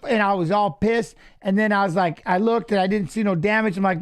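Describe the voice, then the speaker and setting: Man, fairly high voice, casual fight watch-along, rambling, cursing, lots of restarts. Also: brisk, few pauses. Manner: rambling, profane, restarts and fillers. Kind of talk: casual live fight commentary and storytelling.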